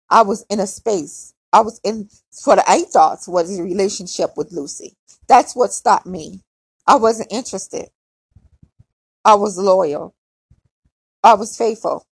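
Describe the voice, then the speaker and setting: A woman's voice: on the high side, vocal fry, slightly rough, no echo. A young woman venting bluntly in an emotional personal monologue, repeating herself as she talks. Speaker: podcaster.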